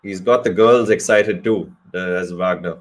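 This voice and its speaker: A man's voice: deep voice, normal speed. A man giving a live cricket commentary hangout, rambling with joking asides and correcting himself mid-sentence.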